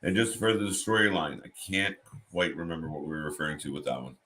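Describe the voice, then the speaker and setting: A man's voice: extremely low pitch, expressive, fast, pushed and bright. A Canadian man co-hosting a live watch party, rambling in casual chat and reading comments aloud.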